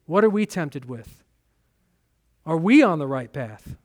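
A man's voice: on the high side, big pitch swings, a little slow, darkish tone. A man preaching a sermon as pastor, urgent and pleading, rising to emphatic questions.

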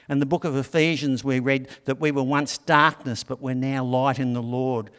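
A middle-aged man gives a sermon in a relaxed, storytelling manner with small asides. His voice is mid-pitched. A long reverb fills the church. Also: moderate pace, few pauses, smooth. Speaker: pastor.

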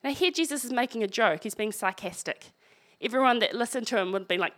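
A woman's voice: on the high side, fast, fairly bright tone. A woman preaching a sermon, reading scripture aloud and breaking in with wry, conversational asides.

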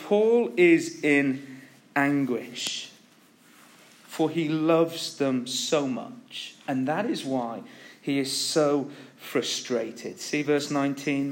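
High-voiced man preaching slowly. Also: animated. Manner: earnest, emphatic, with storytelling asides. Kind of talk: sermon.

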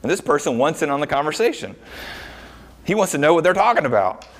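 A man preaching a sermon as a pastor, talking through the verses with rhetorical questions and frequent pauses. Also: on the high side, big pitch swings.

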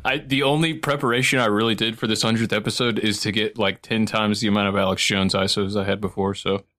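Low, bright-toned blunt man. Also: steady tone, quick pace. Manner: blunt, crude jokes. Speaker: podcast host. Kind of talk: casual chat.

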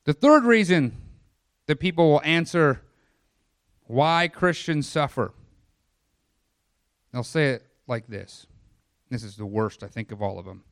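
A male pastor giving a sermon, building his voice through long lists, then dropping low and quiet, with conversational asides to the congregation. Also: expressive, measured pace, pauses often, smooth, dry recording, studio quality.

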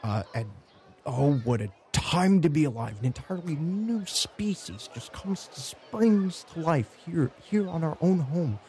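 A man voicing an excitable, pompous middle-aged male explorer and author who gushes theatrically in a high, strained tone and plugs his own books. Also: unhurried, a little hiss or hum. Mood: effusive.

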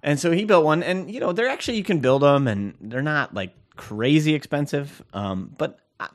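A man's voice: on the high side, lively intonation, normal speed. A man in his thirties co-hosting a podcast, rambling and chatty with lots of fillers. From Scandinavian heritage. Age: 30s. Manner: chatty and rambling, many fillers, laughs easily. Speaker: podcast co-host. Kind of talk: casual podcast banter.

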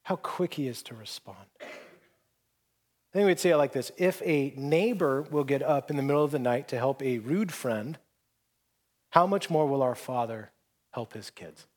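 A man preaching with a slightly raised pitch, chatty and self-deprecating. He tells stories in a conversational sermon and slips into hushed voices when he quotes people. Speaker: pastor.

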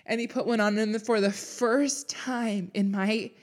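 A woman's voice: a little high, fairly even intonation, a little slow. A young woman on a podcast, candidly telling a personal story with emotion and the odd laugh. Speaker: podcast guest sharing her story.

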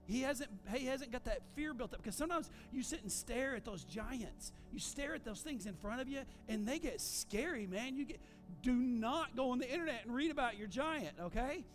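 Animated high-voiced pastor preaching. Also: male voice, moderate pace, few pauses, faint music behind. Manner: animated preaching with asides to the congregation. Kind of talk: sermon.

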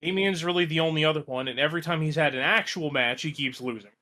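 A man's voice: on the high side, fast talker, bright, forceful tone. A man co-hosting a wrestling podcast in casual chat, rambling with lots of fillers. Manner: chatty, lots of likes and you knows. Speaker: podcast co-host.

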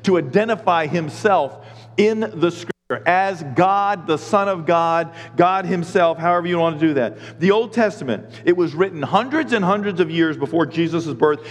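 Animated male pastor in a reverberant church. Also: on the high side, normal speed. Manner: animated, acts out voices of people and God. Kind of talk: sermon.

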